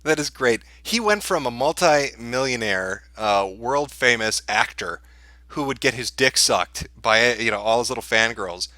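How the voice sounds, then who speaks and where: Sneering bright-voiced male commentator. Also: medium pitch, lively intonation, measured pace, dry recording. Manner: crude, sneering, amused. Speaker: podcast host. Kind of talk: profane mocking commentary.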